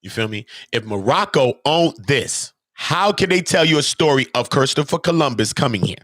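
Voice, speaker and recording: Animated slangy man, dry close mic. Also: mid-range voice, normal speed, no echo. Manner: animated, emphatic, rhetorical questions, street slang. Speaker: vlogger. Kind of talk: casual talking-head commentary.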